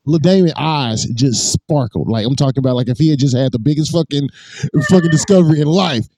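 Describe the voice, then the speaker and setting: A man telling a long, profane story in a casual podcast chat, swinging high and low as he acts it out. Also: brisk, darkish tone, dry recording.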